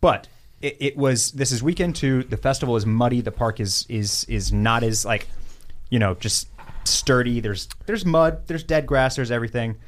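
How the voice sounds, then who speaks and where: A man's voice: mid-range voice, normal speed. Rambling young man chatting about fashion. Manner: loose, rambling, lots of fillers and restarts. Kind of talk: casual chat about fashion.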